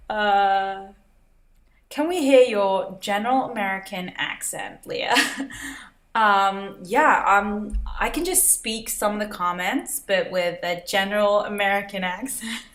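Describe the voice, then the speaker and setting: A woman's voice: mid-range voice, slow, a bit bright. A woman hosting a casual livestream, chatting, laughing often and reading out viewer comments. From Britain. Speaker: livestream host. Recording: roomy echo.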